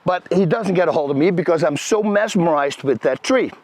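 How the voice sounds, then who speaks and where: A middle-aged man with a Dutch accent, telling his personal story to camera in an animated, emphatic, slangy way. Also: a little high, brisk, no echo. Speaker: host.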